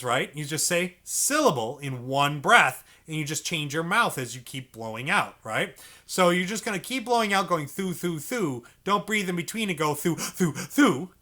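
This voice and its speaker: Male sax teacher, high animated voice, patient step-by-step coaching. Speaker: saxophone teacher. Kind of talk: instructional explanation for beginners.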